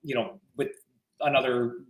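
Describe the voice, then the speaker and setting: A man's voice: medium pitch, normal speed, roomy sound, background noise. A man telling a story in casual podcast chat, acting out what others said. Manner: animated storyteller acting out quotes. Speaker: real estate agent.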